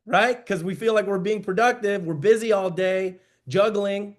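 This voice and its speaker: A man with a fairly high voice gives an emphatic motivational talk to a business group. He hammers his points home with repetition in a coaching tone. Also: measured pace, hardly any pauses, a bit bright. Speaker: business mentor.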